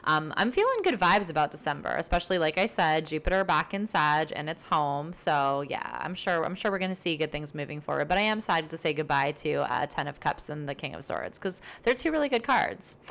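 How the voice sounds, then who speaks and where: A woman's voice: low voice, lively intonation, fairly quick, few pauses, fairly bright tone. A woman hosting a casual solo tarot podcast, chatty and upbeat, rambling with fillers as she explains things. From based in New York City. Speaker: podcast host and tarot reader.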